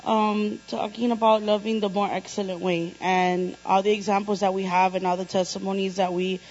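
A woman shares a reflection with a church gathering, hesitant and pausing with fillers. Her tone stays very flat and even. The sound is dull and lo-fi over a faint hum. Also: mid-range voice. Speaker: church member sharing a reflection. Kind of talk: informal sharing at a church gathering.

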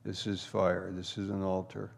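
A man's voice: low voice, completely flat delivery, normal speed, vocal fry. A man preaching a sermon as pastor, building intensity through repeated rhetorical questions. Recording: long reverb of a large hall.

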